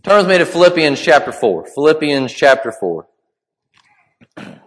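A man delivering a sermon in a conversational, halting way with frequent restarts. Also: a little high, sing-song. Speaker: preacher. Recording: long hall reverb.

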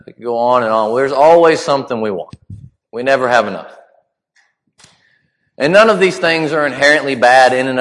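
A man delivering a sermon in a conversational, halting way with frequent restarts. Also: mid-range voice. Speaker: preacher. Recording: long hall reverb.

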